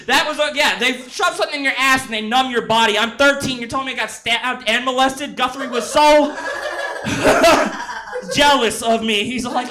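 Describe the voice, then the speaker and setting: Young male comic from San Jose, high bright voice, crude and rambling, self-deprecating club stand-up. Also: moderate pace. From San Jose, California. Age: 20s. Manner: crude, rambling, self-mocking with frequent swearing. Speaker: stand-up comedian. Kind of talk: stand-up comedy set. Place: comedy club stage.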